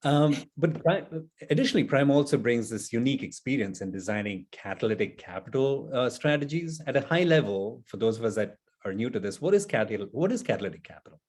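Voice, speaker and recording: A man's voice: mid-range voice, expressive, fairly quick, hardly any pauses, a little mellow, breathy edge. A man who is a senior advisor, polite and appreciative as he joins a webinar conversation.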